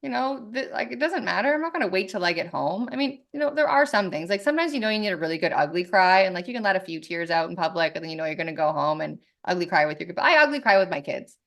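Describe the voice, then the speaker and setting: A woman's voice: lowish voice, quick pace, creaky, hardly any pauses. A woman in her thirties, a podcast guest talking candidly and with lots of energy in a casual conversation. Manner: candid, animated, swears freely.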